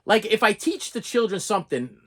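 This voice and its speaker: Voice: mid-range voice, very animated, fairly quick. Exasperated middle-aged preschool teacher venting. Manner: exasperated, repeats words and restarts often. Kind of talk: casual storytime rant.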